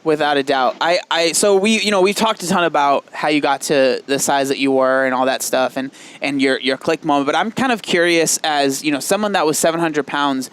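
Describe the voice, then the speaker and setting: Guy hosting a podcast, fairly high voice, curious and encouraging. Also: a little fast, hardly any pauses, a bit bright, clear, resonant tone. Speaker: podcast host. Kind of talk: interview conversation.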